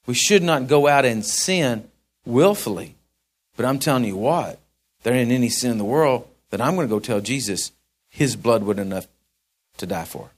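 A man preaching a sermon in a folksy, conversational way that swells into emphatic, shouted points. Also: mid-range voice, lively intonation, normal speed. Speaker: pastor.

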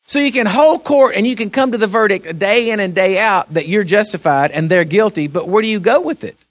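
A man preaching a sermon to his church, earnestly moving between hushed storytelling and raised exhortation, often repeating words as he presses a point. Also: high-pitched, fairly quick. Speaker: pastor.

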